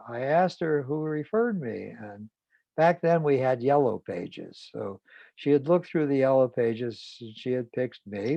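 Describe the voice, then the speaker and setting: An older man, a psychologist, recounting a therapy case in a halting way, often repeating words. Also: mid-range voice, gravelly, no room sound, lo-fi sound.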